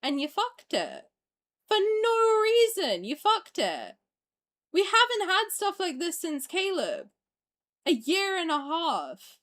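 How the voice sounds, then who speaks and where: A woman's voice: very high-pitched, sing-song, slow, fairly bright tone. A young woman streamer ranting in a heated, profane, exasperated way during a casual reaction video.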